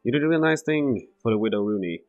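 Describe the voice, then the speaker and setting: A man voicing a gruff small-town sheriff by reading the game's dialogue aloud. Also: mid-range voice, lively intonation, fast talker, a little mellow, highs cut off, soft background music, close to an everyday voice. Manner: reads game dialogue aloud.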